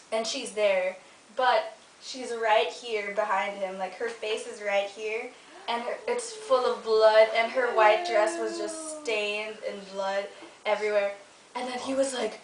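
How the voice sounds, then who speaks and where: A woman's voice: medium pitch, fairly even intonation, unhurried. A young woman from the Philippines telling a ghost story casually, chatty and giggly, with many "like"s and restarts. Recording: echoey room, mic at a distance, faint noise.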